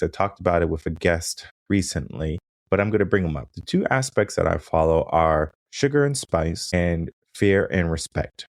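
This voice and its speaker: Man, very deep voice, emphatic coaching monologue, podcast host, dry close sound. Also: a little mellow, no room sound. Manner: emphatic, punctuates with "right?", mimics objections.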